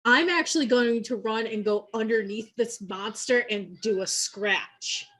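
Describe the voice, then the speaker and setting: A woman's voice: fairly high pitch, a bit bright. A woman playing in a tabletop game, chatting casually and playfully. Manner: playful, quick to laugh. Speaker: player.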